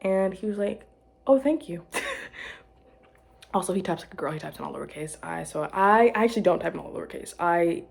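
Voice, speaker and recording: A young woman with a slightly low, breathy voice rambles through a personal story, correcting herself mid-sentence and giggling along the way. The talk is loose and casual, like chatting with a friend. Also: brisk. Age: young adult. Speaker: vlogger. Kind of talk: casual chat.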